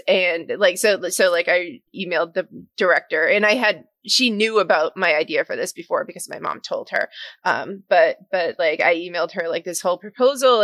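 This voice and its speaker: A woman's voice: on the low side, a bit bright, no room sound. A woman in her twenties from Massachusetts co-hosting a podcast, chatting casually and filling her sentences with "like". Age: 20s. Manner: filler-heavy, many "like"s. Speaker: podcast co-host. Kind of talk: casual chat.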